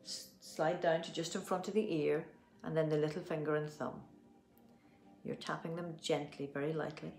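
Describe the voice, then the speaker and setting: A woman with an Irish accent leading a guided tapping session, giving gentle instructions and slow, soothing affirmations. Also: sits low, steady tone, slight background noise. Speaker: tapping practitioner. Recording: roomy echo.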